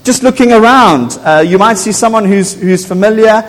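A man's voice: sits high, moderate pace. Man, 40s, South African accent, pastor's sermon, fervent build-ups, echoing hall. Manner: animated, rising to declarations, stumbles and repeats words. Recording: long church reverb.

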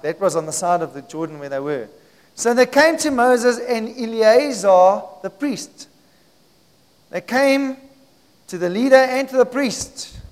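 A pastor preaching a sermon in a church hall, with call-and-response, swinging from hushed to shouting. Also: male voice, high-pitched.

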